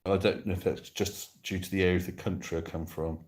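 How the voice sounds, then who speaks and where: A lower-pitched man from Devon talks into his phone during a live stream. He is chatty and playful, tossing jokey asides to viewers as he reads their comments. The recording has a casual, at-home feel from a sofa. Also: flat delivery, brisk. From Devon, England. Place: indoors on a sofa.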